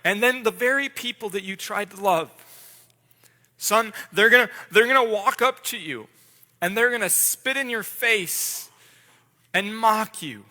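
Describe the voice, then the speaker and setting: A man's voice: sits high, a little slow, bright, forceful tone, heavily acted. A pastor voicing God pleading with his son. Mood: grave. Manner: intense, pleading, repeats words. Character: God the Father speaking tenderly to his son. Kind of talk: dramatic sermon role-play. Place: church sanctuary. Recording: long church hall reverb.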